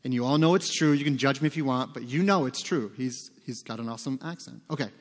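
A man's voice: mid-range voice, fast, few pauses. A man preaching a sermon as pastor, talking conversationally with joking asides. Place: church sanctuary. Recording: long reverb of a large hall.

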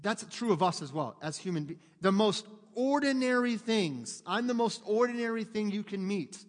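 A man preaching a sermon in an animated way, joking with the congregation and acting out voices. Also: high-pitched, normal speed. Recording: long hall reverb.

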